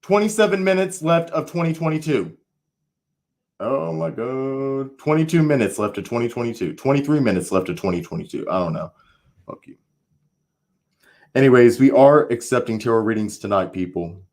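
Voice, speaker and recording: A man reading tarot on a casual livestream, talking loudly and swinging from mumbles to shouts, at a party indoors. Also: medium pitch, big pitch swings, moderate pace. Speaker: tarot reader hosting a livestream. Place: indoors at a New Year's party. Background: faint party music.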